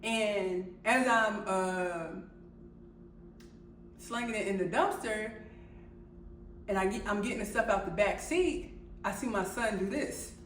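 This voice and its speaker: A young woman tells a personal story straight to her viewers, and she gets animated and loud as she relives moments of panic. She laughs at herself along the way. Her mid-range voice sits a little back from the mic, in a roomy, echoing space with a faint hum behind it. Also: mid-range voice, slow, pauses often. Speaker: vlogger. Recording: echoey room, a bit far from the mic.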